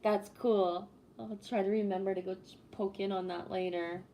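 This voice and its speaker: A woman's voice: fairly even intonation, normal speed, warm tone, slight background noise. A woman chatting casually on a live stream, reading viewer comments and ranting with plenty of swearing. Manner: swears a lot, rants with rising pitch; talks to chat, reads comments aloud.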